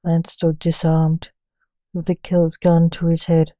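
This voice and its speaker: Slow, dark-voiced woman narrator. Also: deep voice, monotone, poor audio. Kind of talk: storybook reading.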